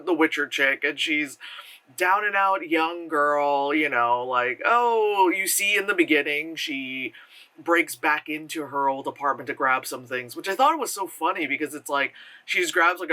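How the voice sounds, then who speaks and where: An American man talks in a fairly high, bright voice, in pain, rambling and cutting himself off with sarcastic asides. It is a loose, casual movie review full of restarts and little laughs. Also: rough recording. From United States. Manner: rambling, self-interrupting, sarcastic, laughs often.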